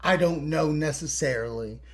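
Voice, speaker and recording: A man's voice: on the high side, normal speed. A man hosting a podcast, recapping a TV episode in casual, profane talk and acting out scenes. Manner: animated, profane, acts out scenes. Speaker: podcast host.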